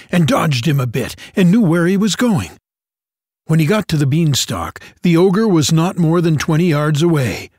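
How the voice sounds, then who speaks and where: A man reading a fairy tale aloud in an expressive, unhurried storytelling manner. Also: on the high side, dry recording, studio quality.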